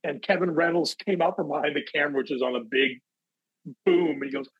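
A man and actor, chatting casually as an interview guest, telling animated stories and bursting into loud acted-out quotes. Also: a little high, quick pace, husky, muffled recording. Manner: animated storyteller, acts out quotes in big voices. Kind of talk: casual anecdotal chat.

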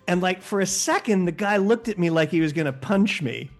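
American guy telling a funny tour story, fairly high voice, acts out the bits. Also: moderate pace. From United States. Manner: animated storyteller acting out quotes. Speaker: guest actor. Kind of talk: casual anecdote.

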